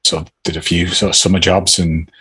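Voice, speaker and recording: A man's voice: low voice, little pitch movement, a little fast, pushed and bright, breathy edge. A middle-aged man answering interview questions in a hesitant, rambling way with many restarts. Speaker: podcast guest.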